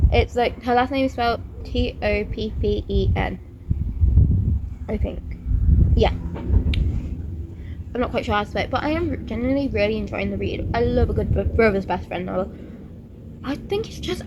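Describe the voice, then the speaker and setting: A woman's voice: a little high, lo-fi sound. A woman chatting casually about books, gushing and filling her speech with "like", recorded outdoors. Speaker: book vlogger. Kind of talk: casual chat. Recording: outdoor recording with traffic noise. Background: passing traffic.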